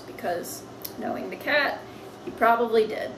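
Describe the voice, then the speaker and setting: A woman's voice: fairly high pitch, unhurried, background noise. A woman teaching a lesson on writing comics, explaining patiently as if to children.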